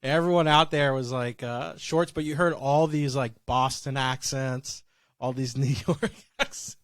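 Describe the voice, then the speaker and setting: A man's voice: medium pitch, steady tone, measured pace, a bit bright, no echo. Male co-host, easygoing, chuckles a lot, dry close recording. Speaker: podcast co-host. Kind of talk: casual podcast chat. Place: in Florida.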